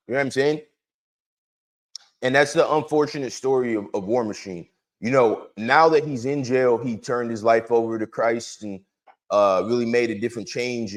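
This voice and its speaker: Brief: mid-pitched man, relaxed commentary, conversational with fillers. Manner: conversational, lots of "you know" fillers. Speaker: host. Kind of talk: casual commentary.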